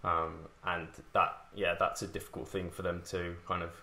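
A man's voice: low-pitched, flat delivery, normal speed, creaky, sharp tone. A man in a casual podcast chat, talking in an agreeable, laid-back way. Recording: echoey room.

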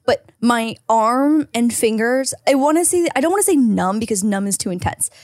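Woman on a podcast, kinda high voice, super chatty, says like a lot, swears. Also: lively intonation, moderate pace, darkish tone, no room sound, clean studio sound. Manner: chatty, swears freely, lots of "like". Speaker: podcast co-host. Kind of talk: casual podcast chat.

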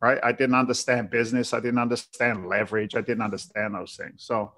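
A middle-aged man from England speaks as an interview guest in a loose, candid way. He is self-deprecating and keeps restarting his sentences with fillers. His voice sits at an ordinary pitch. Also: level tone, fairly quick, pushed and bright. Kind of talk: casual interview chat.

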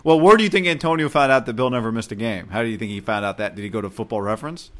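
A man co-hosting a casual sports podcast, throwing in quick probing questions. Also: medium pitch. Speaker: podcast co-host.

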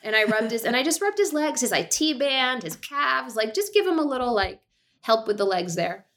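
A podcast guest in her thirties who works as an actor and director shares a family story in casual conversation, her voice on the high side at a moderate pace. She tells it with animation, acting out quoted lines and laughing easily.

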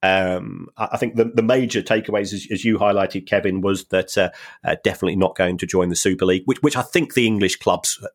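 A male football finance expert co-hosts a podcast in a dry, chatty way. He often stumbles and repeats words as he works through his points, and his voice sits slightly low. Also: brisk. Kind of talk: casual chat.

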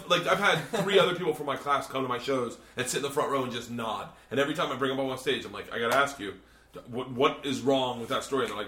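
A man hosting a podcast, telling a long story in casual chat, swearing a lot and rambling with animated energy. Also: mid-range voice, rapid-fire, a little hiss or hum. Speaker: podcast host and comedian. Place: hotel room. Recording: roomy hotel room echo.

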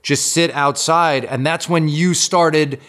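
A man's voice: fairly high pitch, steady tone, slow, fairly bright tone. A man in his fifties hosting a casual interview, eagerly asking follow-up questions. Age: 50s. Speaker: podcast host.

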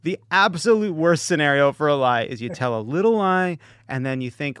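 Joking man with a fairly high voice. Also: normal speed, smooth, no echo, clean studio sound. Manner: joking, animated storytelling with punchlines. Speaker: podcast host. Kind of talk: comedic podcast banter.

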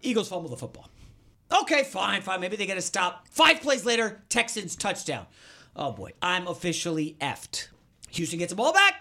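An excitable man hosts a sports betting podcast and tells his stories with a lot of energy. His pitch swoops up and down widely as he talks. His voice has a bright, forceful edge. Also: moderate pace, creaky. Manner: excitable, animated storyteller. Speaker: podcast host.

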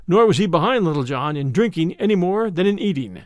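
A man narrating an old adventure tale as a storybook reading, in a lively, old-fashioned storytelling manner. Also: a little high, a little fast, hardly any pauses, no room sound, clean studio sound.

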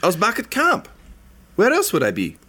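A man voicing a jittery, evasive female gnome who may be a ghost, speaking high and eager. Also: wildly swooping pitch, moderate pace, pushed and bright, full character voice.

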